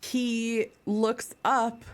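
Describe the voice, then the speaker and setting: A woman's voice: a little high, little pitch movement, drawn-out words. A woman running a tabletop game as game master, narrating with frequent laughter and filler words. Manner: laughing, full of ums and likes.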